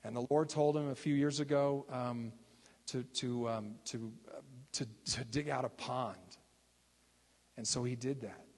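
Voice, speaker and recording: A man with a husky voice preaches with lingering reverb around him. He tells his stories conversationally, slipping into the voices of the people he quotes. His voice sits at an ordinary middle pitch. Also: steady tone, measured pace, a little mellow. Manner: conversational, acts out quoted speakers. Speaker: minister. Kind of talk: sermon testimony storytelling.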